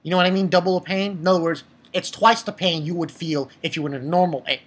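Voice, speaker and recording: Husky male anime reviewer, ranting and mocking, loud bursts and mutters. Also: high voice, fast talker. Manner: animated, profane, mocking, swings from shouting to muttering.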